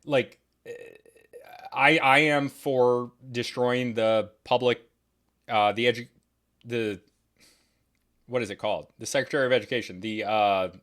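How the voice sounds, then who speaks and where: A man hosting a podcast, talking in a rambling, animated way with frequent restarts and digressions. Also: mid-range voice, a little slow, long pauses. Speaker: podcast host. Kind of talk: casual podcast conversation.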